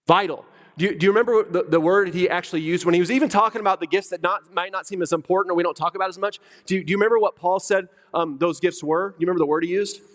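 Emphatic pastor preaching in a reverberant hall. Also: male voice, high-pitched, quick pace. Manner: emphatic, repeats key words, asks the congregation questions. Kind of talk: sermon. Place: church hall.

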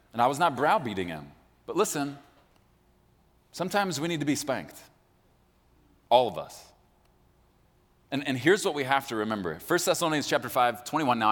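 Guy pastor preaching, super lively up and down voice, long echo like a big church hall. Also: mid-range voice. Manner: animated, addresses the congregation directly. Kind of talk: sermon.

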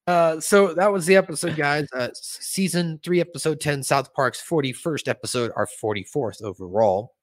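A man hosting a casual podcast, recapping an episode and reading its lines aloud in a raised, animated voice, with faint music underneath. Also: fairly high pitch, moderate pace, hardly any pauses, no room sound. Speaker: podcast host.

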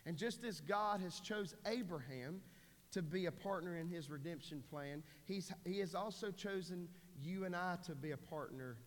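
A man's voice: high-pitched, normal speed, in a large hall. A pastor in his forties preaching a sermon in a church, talking in an earnest, folksy way with many restarts. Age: 40s. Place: church sanctuary.

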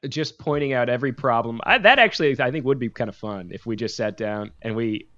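A man's voice: medium pitch, animated, a little fast, a bit bright, no echo. Male podcast co-host, wry and sarcastic, rambling with fillers; dry, slightly dull lo-fi sound. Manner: joking, sarcastic, lots of fillers and restarts. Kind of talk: casual chat.

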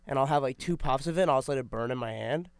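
A man's voice: medium pitch, racing, clear, resonant tone, dry recording. A young man on a podcast, rambling about his job in a casual, filler-heavy way. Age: young adult. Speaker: podcast co-host. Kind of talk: casual chat.

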